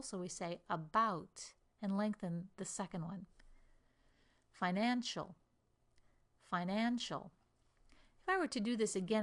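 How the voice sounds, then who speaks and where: An American woman giving a pronunciation lesson, speaking slowly and deliberately and stretching syllables to demonstrate them. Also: mid-range voice. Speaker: accent coach.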